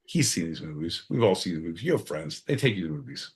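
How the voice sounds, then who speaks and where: A man co-hosting a podcast in casual comedic banter, loud and profane with sudden bursts of energy. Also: sits low, sing-song, quick pace. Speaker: podcast co-host.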